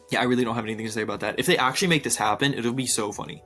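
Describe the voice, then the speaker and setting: A man's voice: mid-range voice, rapid-fire, pushed and bright, faint music behind. Giggly young man rambling about a show. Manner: giggly, rambling, lots of ums and likes. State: tired. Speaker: YouTuber reacting to viewer opinions. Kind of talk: casual commentary.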